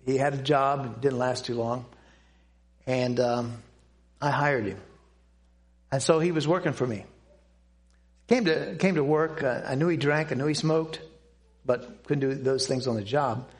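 An older man telling a personal testimony to a church audience, speaking in an earnest, halting way with pauses and restarts. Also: medium pitch. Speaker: Christian speaker giving a testimony.

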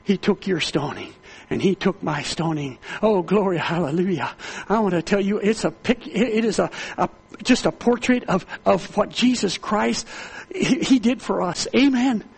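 A man preaching a sermon with fervent, repetitive delivery that climbs into loud, high-pitched exclamations. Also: normal speed, vocal fry, husky, poor audio.

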